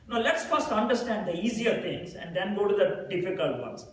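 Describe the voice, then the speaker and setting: A high-voiced male preacher with a lively, swooping delivery tells a story, acting out its dialogue before explaining it plainly. He is picked up from a distance in a very echoey hall with a faint hiss underneath. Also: moderate pace, hardly any pauses. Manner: retells scenes with quoted dialogue, explains plainly. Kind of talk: storytelling sermon. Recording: very echoey room, mic far away.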